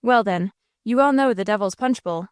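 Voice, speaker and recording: A woman's voice: mid-range voice, moderate pace, a little mellow, clean tone, no room sound, clean studio sound, natural voice. A woman voicing a bold, blustering male robber captain who gives orders to his gang. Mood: commanding. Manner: blustering, rousing, theatrical.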